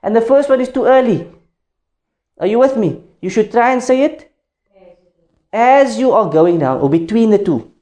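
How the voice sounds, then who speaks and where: A man's voice: very high-pitched, lively intonation, normal speed, pauses often, dark tone. A man teaching a class on the rules of prayer, explaining step by step and often checking that students follow. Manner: demonstrates chanted phrases. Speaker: Islamic teacher.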